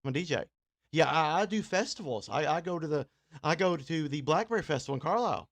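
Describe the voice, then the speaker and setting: A man's voice: a little high, animated, fast talker, no echo, studio quality. A man with a Kentucky accent, a radio host and DJ talking casually and rambling on a livestream, self-deprecating and laughing often between fillers. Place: small home studio.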